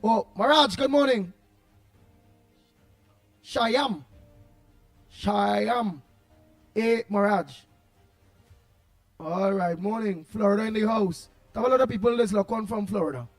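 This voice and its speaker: A Trinidadian man hosting a live show, greeting viewers one by one in loud, husky, playful banter. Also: sits high, measured pace, pauses often, no echo, soft background music. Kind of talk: casual live-stream chat.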